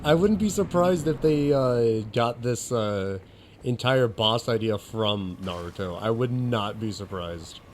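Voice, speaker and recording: A man's voice: mid-range voice, unhurried. A young man giving casual, chatty commentary while playing a game, rambling and often restarting his sentences. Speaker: gaming commentator. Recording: loud background game noise.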